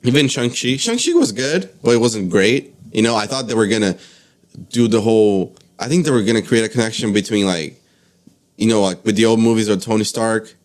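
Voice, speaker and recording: Low-voiced hesitant male co-host. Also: a little fast, a little mellow. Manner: hesitant, repeats words, peppers speech with "like". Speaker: podcast co-host. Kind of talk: casual chat.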